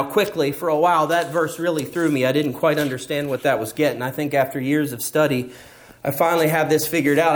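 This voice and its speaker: A middle-aged man preaching a sermon in a lively, conversational way, swinging up and down in pitch for emphasis. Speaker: pastor.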